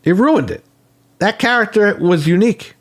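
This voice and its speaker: A man's voice: sits high, expressive, normal speed. Blunt, swearing male podcast co-host. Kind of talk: casual livestream chat. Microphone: studio microphone.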